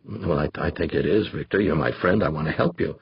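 A man voicing an earnest, gentle man of faith who presses questions and stammers a little. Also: very deep voice, a little fast, creaky, husky, no room sound, dull audio, voice pushed down, heavily acted.

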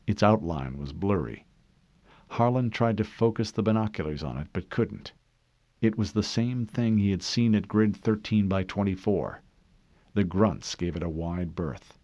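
A man reading scripted audiobook narration in a measured, dramatic storytelling manner. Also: lowish voice, darkish tone, dry recording, lo-fi sound.

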